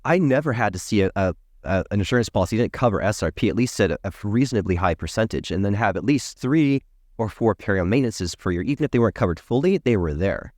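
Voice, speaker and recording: A man who works as a dental hygienist, a podcast guest telling an animated story and acting out the people in it. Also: on the low side, no room sound, clean studio sound. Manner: emphatic, acts out the people in his stories.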